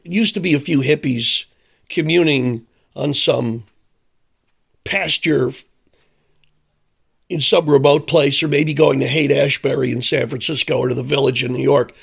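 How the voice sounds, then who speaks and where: Older male commentator, profane sarcastic rant, somewhat high-pitched. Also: gravelly, husky. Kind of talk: ranting monologue.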